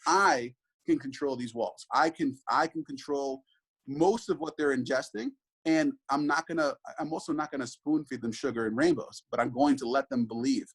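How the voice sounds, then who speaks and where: A man's voice: mid-range voice, moderate pace, breathy edge, poor audio. A man in his thirties, a father, talking earnestly in an interview, reflective and full of restarts and asides. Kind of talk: conversational interview.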